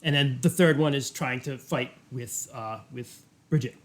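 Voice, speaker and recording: A man's voice: medium pitch, measured pace. A man narrating a tabletop game as game master, loose and hesitant with many fillers.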